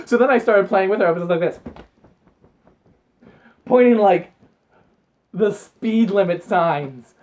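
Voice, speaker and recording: A man chatting to camera in a casual vlog, telling rambling, excitable stories and acting out the moments as he goes. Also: sits high, measured pace, long pauses, slight background noise. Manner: rambling, excitable storytelling with acted-out asides. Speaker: vlogger.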